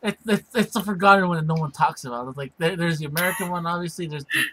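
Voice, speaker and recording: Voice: mid-range voice, fast talker, fairly bright tone. A stream participant chatting casually, stumbling over words and swearing freely. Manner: stammering, restarts often, swears. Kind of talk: casual chat.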